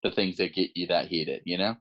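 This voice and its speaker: A man's voice: low-pitched, fairly quick, highs cut off. A man co-hosting a podcast in casual chat, mostly backing up his friend with short agreeing replies. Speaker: podcast co-host.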